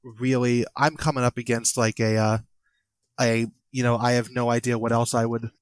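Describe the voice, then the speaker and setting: An American man co-hosting a podcast in casual chat, halting and hesitant, with many fillers. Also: mid-range voice, flat delivery, smooth, no echo. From United States. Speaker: podcast co-host.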